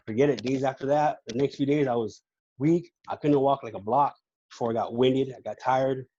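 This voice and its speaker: A man telling his own story as a podcast guest in casual talk, slangy and halting, often repeating words. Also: mid-range voice, darkish tone, dry recording, dull audio. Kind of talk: casual personal testimony.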